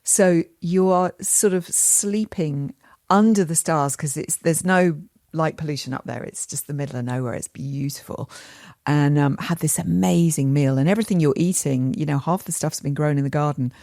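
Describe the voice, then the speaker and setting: A middle-aged woman co-hosting a podcast, chatting casually in a rambling way with quick asides. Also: low voice, warm tone, no room sound, studio quality. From England. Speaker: podcast co-host. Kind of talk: casual chat.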